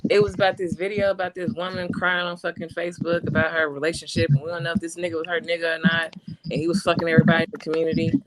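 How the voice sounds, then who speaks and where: A woman's voice: lowish voice, level tone, racing. A woman co-hosting a casual podcast, blunt and profane, telling stories with animation. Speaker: podcast co-host. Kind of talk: casual group podcast chat. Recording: loud noise on remote call.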